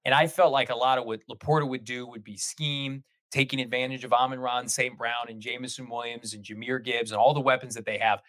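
A man in casual sports podcast chat, talking in long animated run-on stretches as a guest host. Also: mid-range voice, brisk, hardly any pauses, no room sound.

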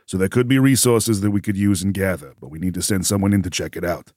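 A man acting as game master, narrating and speaking as a dry, deadpan clerk in a tabletop game. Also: deep voice, fast, no room sound.

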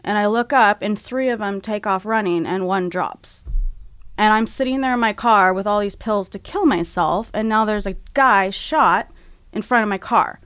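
A woman's voice: medium pitch, moderate pace, smooth, dry recording. A middle-aged woman, an interview guest, telling a personal story candidly and acting out her own thoughts at the time. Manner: candid, animated when retelling, acts out her own quoted thoughts.

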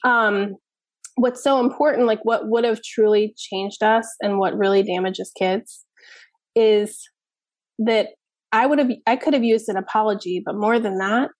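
A woman's voice: mid-range voice, fairly even intonation, unhurried, no echo. A woman in her thirties, a child therapist, talking casually and candidly in an interview, peppering her speech with "like" and "you know what I mean". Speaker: child therapist and parenting expert.

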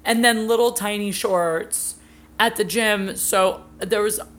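A woman's voice: mid-range voice, steady tone, measured pace, fairly bright tone, a little hiss or hum. A woman hosting a podcast, talking bluntly and teasingly, swearing freely. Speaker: podcast host. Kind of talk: casual podcast chat.

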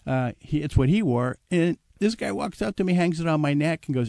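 Older male storyteller, animated, chatty, dry close recording. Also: fairly high pitch, a little fast, vocal fry, dry recording. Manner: animated anecdote with acted quotes and chuckles. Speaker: guest telling his life story. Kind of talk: casual storytelling.

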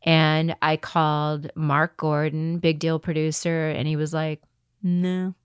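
A woman with a low voice tells stories with animated energy, cursing freely. The sound is dry and close, with no room around it. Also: measured pace, smooth, dry recording. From Wisconsin, USA. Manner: animated storyteller who swears freely. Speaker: actress guest. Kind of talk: casual interview chat.

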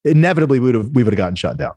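Fast-talking husky man telling stories. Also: mid-range voice, dry recording. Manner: fast, animated storytelling, acting out quoted people. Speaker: podcast guest, entrepreneur. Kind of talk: casual storytelling interview.

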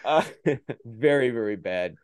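A man's voice: medium pitch, expressive, measured pace, darkish tone, smooth, no room sound. Guy chatting hockey as a guest, rambly and jokey, mid voice, dry sound. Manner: rambling, many restarts, jokey asides. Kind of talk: casual podcast chat.

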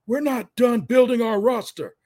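A man doing an impression of a raspy-voiced male football team executive. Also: very high voice, moderate pace, a little mellow, voice pushed up. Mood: stern.

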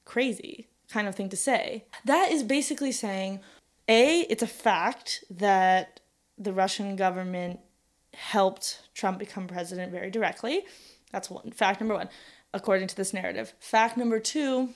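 Young woman cohost, chatty, lots of likes and ums, middle pitch. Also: moderate pace. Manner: chatty, thinks aloud with many fillers. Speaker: podcast co-host. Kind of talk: casual conversation.

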